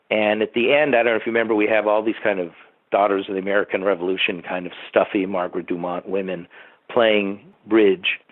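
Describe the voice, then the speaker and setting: A man, a TV producer being interviewed, rambling through behind-the-scenes anecdotes with asides to the host. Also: fairly low pitch. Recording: tinny phone-like line.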